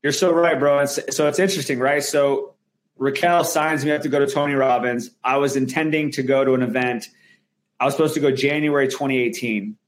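A man's voice: mid-range voice, fairly even intonation, a little fast. Male guest; earnest, emphatic talker with frequent restarts. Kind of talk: candid interview conversation.

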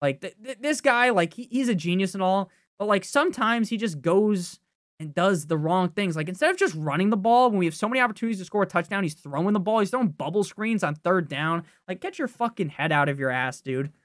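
A young man rants on his sports podcast, swearing freely and bursting into loud, exasperated outbursts before settling back into rambling. His voice sits at a middle pitch and sounds close and dry, with no room around it. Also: lively intonation, a little fast, no room sound. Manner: frustrated, profane, rambling rant with sudden loud outbursts. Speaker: fantasy football podcast host. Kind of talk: casual ranting podcast talk.

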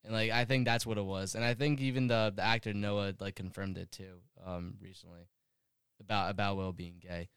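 A man's voice: on the low side, steady tone, a little fast, fairly bright tone, clear, resonant tone, dry recording, studio quality. A man co-hosting a casual podcast chat, talking hesitantly with lots of fillers.

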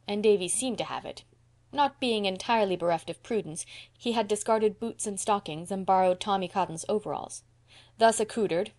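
A woman narrating a classic novel in a measured, expressive storybook reading. Her voice sits at an everyday middle pitch. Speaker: audiobook narrator.

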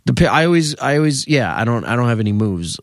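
Animated, stammering man on a podcast. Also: medium pitch, quick pace, gravelly, no echo, clean studio sound. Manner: animated, nervous, self-deprecating, stammering restarts. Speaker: guest comedian. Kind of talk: casual podcast chat.

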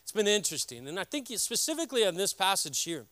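A middle-aged man preaching a sermon as a pastor, earnest and halting, speaking from the heart. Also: sits high, very animated, sharp tone, no room sound.

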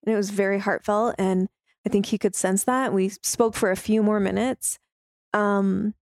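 Woman with a gravelly edge, heartfelt. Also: mid-range voice, steady tone, normal speed, a little mellow, no room sound, clean studio sound. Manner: heartfelt, open, with fillers like "like" and "you know". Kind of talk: candid personal storytelling.

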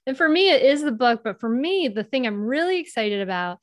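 A woman's voice: high-pitched, expressive, a little fast, no echo, clean studio sound. A woman speaking as a podcast guest on mindful parenting, earnest and reflective in casual interview talk.

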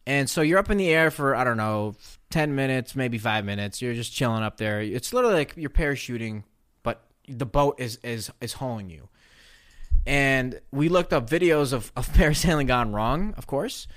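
A man co-hosting a casual chat, telling animated stories and swearing freely. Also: medium pitch, normal speed, dry recording, studio quality. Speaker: podcast co-host.

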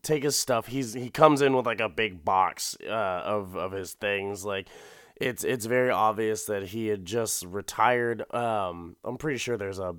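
Young man giving a clear, casual recap. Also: fairly low pitch, measured pace, a bit bright, no room sound, studio quality. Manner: rambling and profane, with frequent laughs and restarts.

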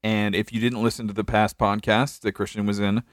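A man's voice: lowish voice, flat delivery, fairly quick, no echo, clean studio sound. A young man from North Carolina hosting a casual podcast, joking, laughing often and trailing off in restarts. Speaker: podcast host. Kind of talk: casual chat.

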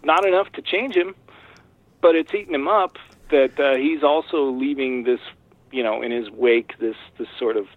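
A man's voice: medium pitch, moderate pace. A man, a guest author, talking through his ideas in a thoughtful, casual podcast conversation. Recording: tinny phone-like remote line.

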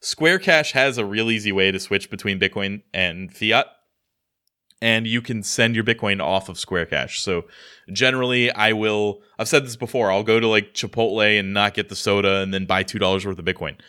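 American man, podcast co-host, lowish bright voice, rambling self-deprecating chatter. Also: moderate pace, clear, resonant tone. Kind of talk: casual chat.

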